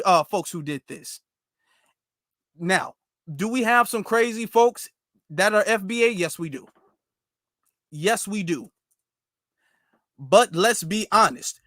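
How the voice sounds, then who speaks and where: A man's voice: high voice, bright, forceful tone, no room sound, studio quality. A man hosting a commentary video, reacting to clips with emphatic rhetorical questions and a rambling delivery full of fillers. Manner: rambling, with many fillers and restarts. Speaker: commentary host.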